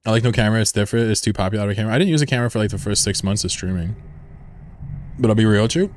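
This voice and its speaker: A man's voice: fairly low pitch, very fast. A man chatting casually on a live game stream, rambling, joking and swearing freely while he plays.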